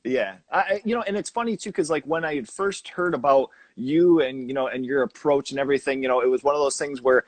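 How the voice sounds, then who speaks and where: A man's voice: mid-range voice, quick pace, hardly any pauses, no echo. A man hosting an interview, easygoing and casual, laughing and agreeing often. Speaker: podcast host.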